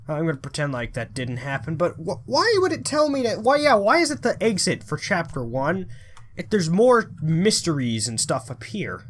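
A man's voice: on the high side, fairly bright tone, a little hiss or hum. A man commentating his horror game playthrough in a confused, rambling way with frequent swearing. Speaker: let's play gamer.

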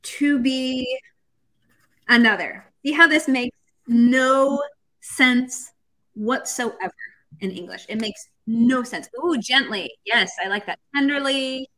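A woman teaching a live-streamed language lesson with a bright, clear tone. She takes her time, explaining each point slowly and step by step. Her voice sits a little high and she chats casually with viewers. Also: rough recording. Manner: chatty, explains step by step, reads chat comments.

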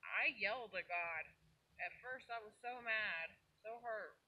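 A woman's voice: mid-range voice, unhurried, slightly rough, muffled recording. A grieving mother speaks in an earnest, heartfelt way about faith and loss, her voice rising with emotion. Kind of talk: personal testimony vlog.

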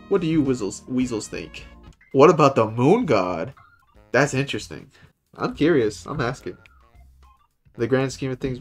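A man streaming a game who chats casually over his play, mid-pitched in his everyday talk. He reads game text aloud and often jumps up high when something excites him. Faint guitar music plays behind him. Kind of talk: casual gaming commentary.

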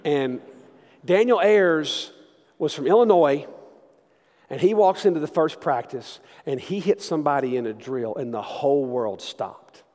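A middle-aged pastor preaches in a large sanctuary. His delivery swings between loud, lively moments and hushed, intimate ones. Long reverb trails every phrase. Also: a little high, unhurried. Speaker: senior pastor. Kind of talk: sermon with personal storytelling.

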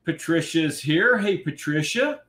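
A man's voice: a little high, expressive, measured pace, fairly bright tone. A man co-hosting a live stream, cheerfully greeting viewers by name as he reads the chat. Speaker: co-host reading the chat. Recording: roomy echo with faint hiss.

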